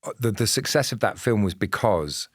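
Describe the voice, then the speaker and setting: A man's voice: fairly low pitch, normal speed, no echo, studio quality. A middle-aged man, an actor and guest, telling anecdotes in casual chat and acting out the people in them. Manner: animated storyteller acting out the people in his stories.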